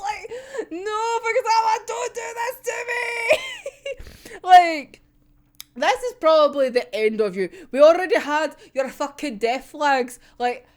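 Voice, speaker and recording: Lady ranting about a manga, high voice, swears loads, laughs a lot. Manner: animated, swearing, laughing often, breaking into squeals. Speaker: manga reaction host. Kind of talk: excited casual reaction chat.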